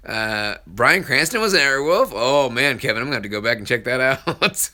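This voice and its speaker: A man's voice: medium pitch, animated, moderate pace, few pauses, bright, forceful tone. A man who is a voice actor, rambling casually and chatting through viewer comments on a live stream, often laughing.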